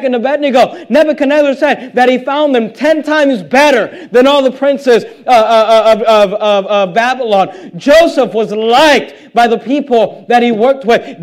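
A man preaching a sermon in a conversational way, reading scripture aloud and putting questions to the congregation. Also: very high-pitched.

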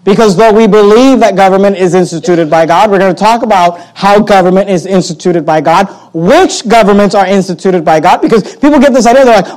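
A pastor preaching a sermon, emphatic and sarcastic, swinging between loud outbursts and hushed asides. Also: male voice, sits high, lively intonation, fairly quick, few pauses, rough recording.

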